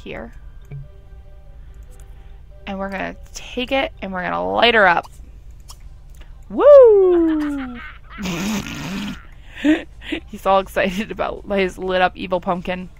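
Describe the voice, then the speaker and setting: A woman's voice: medium pitch, fairly even intonation, moderate pace, vocal fry, long pauses, fairly bright tone, faint music behind. A young woman giving casual, chatty commentary over a life-simulation game, laughing often and talking to the characters. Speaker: gameplay commentator. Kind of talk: casual let's play commentary.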